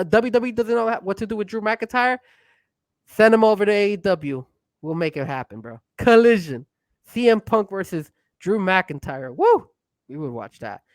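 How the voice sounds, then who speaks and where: Excitable man with a dry close sound. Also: fairly high pitch, no room sound. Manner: excitable, pushy, raises voice when hyped. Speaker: co-host. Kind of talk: casual wrestling podcast chat.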